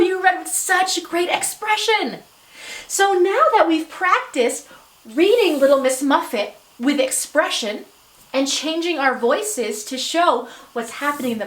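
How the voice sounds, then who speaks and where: A woman teacher leading a children's reading lesson, talking slowly and encouragingly and reading aloud with expression. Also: sits high, fairly bright tone, reverberant, rough recording.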